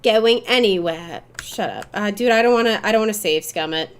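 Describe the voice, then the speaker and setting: A young woman streaming a game, chatting casually to her viewers and swearing, with loud flare-ups whenever the game frustrates her. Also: mid-range voice, a little fast, clean tone. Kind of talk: live gameplay commentary.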